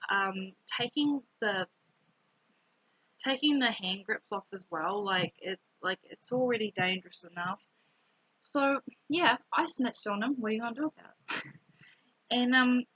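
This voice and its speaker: A young woman telling a rambling, animated story from her school days in a casual vlog, with many fillers. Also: medium pitch, a little slow, no room sound, poor audio.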